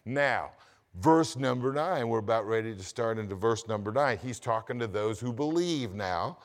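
Animated preaching man. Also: mid-range voice, normal speed. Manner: emphatic preaching, asks the congregation questions. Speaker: pastor. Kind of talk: sermon.

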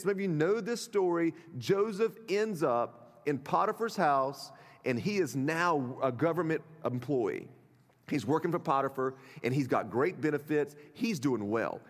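A man's voice: on the high side, long reverb tail. A male pastor delivering a sermon in an emphatic, conversational way, speaking straight to his listeners. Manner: emphatic, conversational preaching with direct address. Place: church sanctuary.

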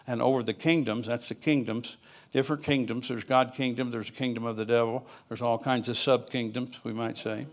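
A man's voice: medium pitch, fairly even intonation, fairly quick, gravelly, few pauses. An older man preaching a sermon in a church, reading scripture aloud and rambling into personal asides in an easygoing, conversational way. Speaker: pastor.

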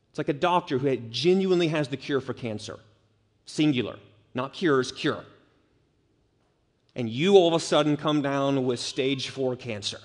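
A man's voice: medium pitch, moderate pace. A male pastor preaching an expository sermon, stressing key words by repeating them. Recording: long reverb of a large hall.

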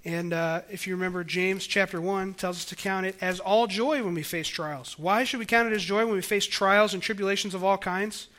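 A man's voice: high-pitched, fairly even intonation, fairly quick, hardly any pauses, a bit bright. A young man preaching a sermon in a conversational way, now and then acting out quoted voices. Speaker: pastor.

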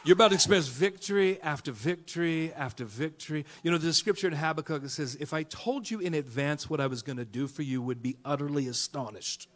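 A middle-aged male pastor preaching a lively sermon in a church, calling out to the congregation and rhyming. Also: fairly high pitch. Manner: fired-up preaching with call-and-response and rhymes. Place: church sanctuary.

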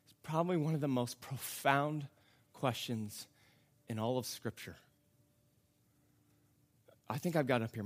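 A male pastor preaching a sermon, acting out the scenes and swinging between loud outbursts and hushed, slow passages. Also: medium pitch. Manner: dramatic, acts out the crowd, swings from loud to hushed.

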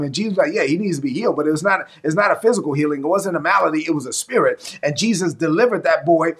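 Emphatic male preacher, higher voice. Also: fast talker, few pauses. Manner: emphatic, repetitive preaching with calls for audience response. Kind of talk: sermon; livestreamed teaching to an online audience.

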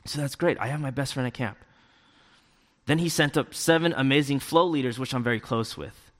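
A young man tells a personal testimony at a church youth event in a relaxed, chatty way. He fills his talk with casual fillers and acts out his own inner thoughts as he goes. His voice sits at an ordinary pitch and rings out with a long hall echo. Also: fairly quick.

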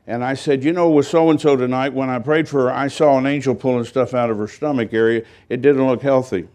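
Folksy older pastor preaching. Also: male voice, mid-range voice, steady tone, brisk, darkish tone. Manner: folksy, rambling, self-deprecating humor. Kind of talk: storytelling sermon.

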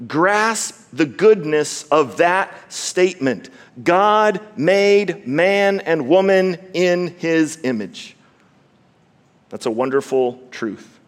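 A man preaching a sermon with emphasis, slowing down to stress key words and repeating himself as he builds a point. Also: on the high side, lively intonation. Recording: long reverb of a large hall.

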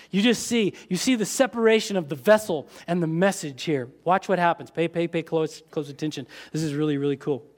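A man preaching a sermon, expressive, dropping to soft, intent tones when he quotes scripture. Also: high-pitched.

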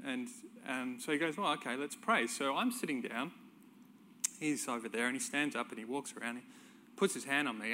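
A man's voice: medium pitch, bright, forceful tone, slight background noise. A middle-aged man, preaching a sermon by telling a personal story in a conversational way, chuckling now and then.

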